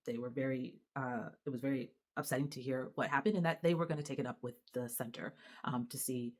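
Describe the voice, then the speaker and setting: Low-voiced woman venting to camera. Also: brisk. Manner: animated and exasperated, many restarts and fillers. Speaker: mother and vlogger. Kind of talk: casual venting monologue to camera.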